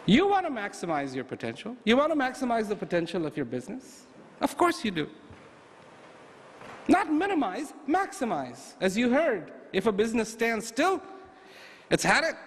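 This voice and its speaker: A man giving an animated motivational talk, telling stories and asking emphatic rhetorical questions. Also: high voice, brisk. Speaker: motivational speaker. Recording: echoey hall with faint ambience.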